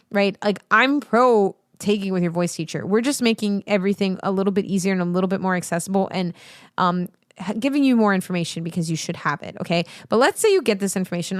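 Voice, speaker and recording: A woman's voice: medium pitch, smooth, no echo, studio quality. Chatty, swearing woman voice teacher. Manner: chatty, animated, swears freely, jumps between asides. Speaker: voice teacher and show host. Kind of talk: casual spoken lesson.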